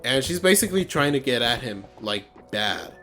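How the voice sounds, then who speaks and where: A man's voice: mid-range voice, sing-song, moderate pace, a bit bright, faint music behind. A man co-hosting a podcast, chatting casually and rambling with lots of fillers. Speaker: podcast co-host. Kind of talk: casual chat.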